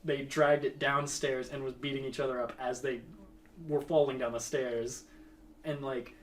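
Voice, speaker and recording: A man's voice: medium pitch, level tone, normal speed. A young man telling a rambling, laughing story in casual chat, swearing freely.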